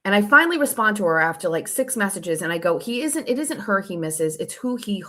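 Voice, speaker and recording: A woman with a medium-pitched, slightly bright voice hosts her own show. She tells a long story casually, with plenty of sarcasm and profanity, reading text messages aloud as she goes.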